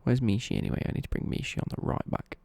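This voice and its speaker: Answering viewers' questions on a casual live stream, a young East Midlands man rambles, fixes his own words and swears mildly. His delivery is fast and his tone darkish, recorded without echo.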